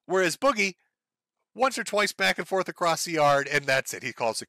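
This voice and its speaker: A man's voice: high-pitched, sing-song, normal speed, sharp tone, no echo. A man hosting a live stream, ranting in profane, sarcastic, mocking commentary. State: sore, says his throat gives out.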